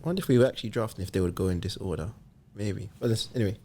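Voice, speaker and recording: Low-ish voice dude on a sports podcast, easygoing, stops to think mid sentence. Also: male voice, darkish tone, slight background noise. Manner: easygoing, thinks aloud with pauses. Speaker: podcast co-host. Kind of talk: casual sports chat.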